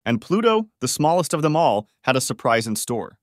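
A man reading a children's story aloud, with lively storybook emphasis and pitch that lifts on key words. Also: moderate pace, no room sound, clean studio sound. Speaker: narrator. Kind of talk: scripted children's story narration.

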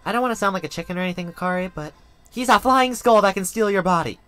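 High falsetto young woman, fretful, loud exclaims, as a man puts her on. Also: fast talker, smooth, no room sound. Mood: worried. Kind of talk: fan voice-over of a game.

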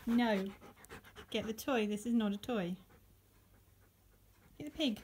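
A woman's voice: a little high, takes it slowly, darkish tone, a little hiss or hum. Woman firmly commanding her dog. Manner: firm short commands to a dog, often laughing. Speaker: dog owner filming her dog. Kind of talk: casual commands to a dog while filming. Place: home room indoors.

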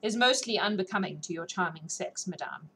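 A woman's voice: fairly low pitch, animated, brisk, a bit bright, breathy edge, exaggerated voice, low-quality recording. A woman reading the part of a courtly adult male prince in a classic novel audiobook, with a formal, drawling manner. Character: gracious, teasing adult male royal prince.

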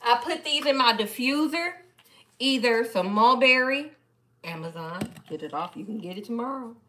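Woman, casual live-stream chat, animated, bright tone. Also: on the high side, moderate pace. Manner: animated, playful, chatty, talks back to viewers. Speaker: live-stream host reading viewer comments.

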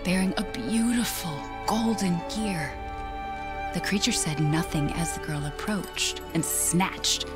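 An actress narrating a dark fairy tale in a video game, telling a bedtime story in a hushed, low voice. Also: female voice, unhurried, natural voice. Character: young mother telling her baby a bedtime tale. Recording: music in the background.

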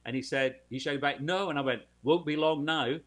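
A man's voice: a little high, brisk, heavy background noise. A British man telling a showbiz anecdote in casual podcast chat, acting out the voices of people in his story. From United Kingdom.

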